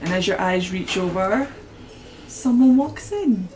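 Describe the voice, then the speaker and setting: A woman narrating a tabletop game as game master, painting scenes at an unhurried pace with frequent restarts. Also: mid-range voice, lively intonation, warm tone, low-quality recording.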